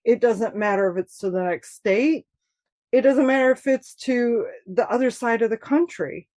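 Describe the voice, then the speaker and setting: Woman from Michigan, author guest, animated storyteller with frequent laughs; dry, close podcast sound. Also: on the high side, moderate pace, no echo. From Michigan, USA. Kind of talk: casual interview chat.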